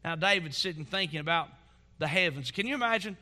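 A pastor delivers a church sermon in a slightly high, expressive voice at a quick pace. He speaks earnestly, builds to fervent emphasis, then drops into soft asides.

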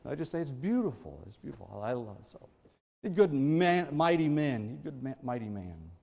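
Laughing preacher in a reverberant sanctuary. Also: male voice, mid-range voice, sing-song, normal speed, creaky, darkish tone. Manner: storytelling with frequent laughs and asides. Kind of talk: sermon.

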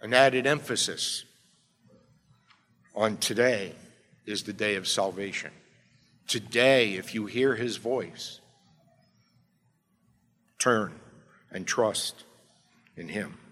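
Bright-voiced preacher in a reverberant hall. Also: male voice, fairly low pitch, takes it slowly, long pauses. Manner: emphatic preaching, swings from quiet to loud. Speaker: pastor. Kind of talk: sermon.

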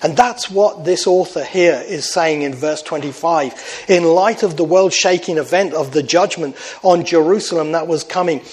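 A man's voice: fairly high pitch, moderate pace, darkish tone. A middle-aged man preaching a sermon to his congregation, earnest, often putting questions to his listeners. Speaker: pastor.

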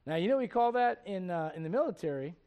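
Dull audio captures a fast-talking, high-pitched man in his forties preaching a sermon. Animated, he asks the congregation questions and acts out the voices of those he quotes.

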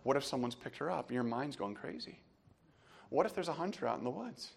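A pastor preaches a sermon, recounting a personal story with strong emotion, his mid-range voice sinking to hushes and then bursting out loudly. He speaks briskly and expressively, with a husky tone and vocal fry.

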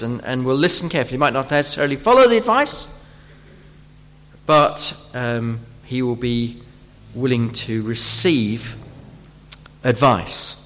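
A man preaching a sermon, often pausing and repeating words as he searches for phrasing, and acting out imagined speakers as he teaches. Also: mid-range voice, animated, a bit bright. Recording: long hall reverb.

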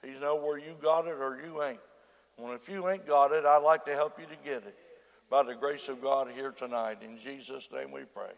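An older man, preaching a sermon that moves from soft prayer to shouted preaching. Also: medium pitch, fairly even intonation, normal speed, vocal fry. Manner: prays softly, then preaches in rising shouts. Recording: echoey hall with long reverb.

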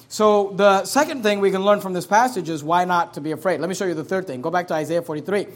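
High-voiced emphatic male preacher. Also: fast, hardly any pauses. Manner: emphatic, conversational preaching with rising volume on scripture. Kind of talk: sermon.

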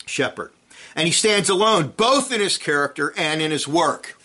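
A man preaching an expository sermon, reading scripture and explaining Greek words in a measured way. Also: a little high, animated, bright, forceful tone, breathy edge.

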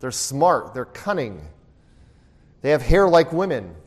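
In an interactive Bible study, the male teacher reads scripture in a raised voice, then asks his group questions and echoes their answers. His medium-pitched voice is sing-song and slow.

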